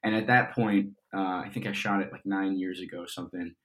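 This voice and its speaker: A man's voice: low voice, quick pace. A young man from Colorado, an actor guest, telling a story in a casual interview with lots of fillers. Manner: chatty, animated storyteller with fillers.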